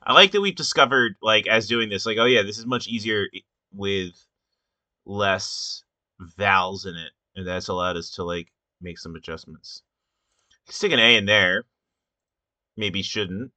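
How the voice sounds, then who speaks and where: A man thinking aloud while he builds a word puzzle, muttering with many pauses and fillers. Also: on the low side, pushed and bright, no echo. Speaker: puzzle maker. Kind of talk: casual think-aloud commentary.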